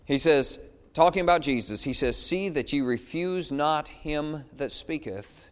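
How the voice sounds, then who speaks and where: High-voiced man preaching in a reverberant hall. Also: unhurried. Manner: preaching with rising intensity, pleading. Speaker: pastor. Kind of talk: sermon. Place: church.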